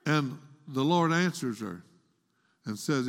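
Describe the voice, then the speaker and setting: A man's voice: on the high side, sing-song, a little slow. A man preaching a sermon in a church, dramatic and rising into pleading tones as he retells a story. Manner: dramatic, voices the quoted woman in a raised pleading tone. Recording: long hall reverb.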